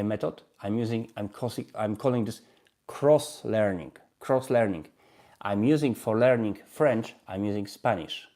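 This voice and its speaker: A man with a Polish accent, speaking English as a non-native, casually hosting a language-learning live stream and walking through his flashcards with halting, repeated phrases. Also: on the low side, darkish tone. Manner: halting, repeats and restarts phrases, chuckles often. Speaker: language-learning livestream host.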